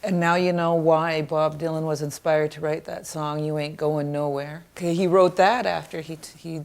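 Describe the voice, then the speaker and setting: A woman's voice: low-pitched, flat delivery, moderate pace, vocal fry. A woman interviewing a guest in casual chat. She is chatty and laughs along.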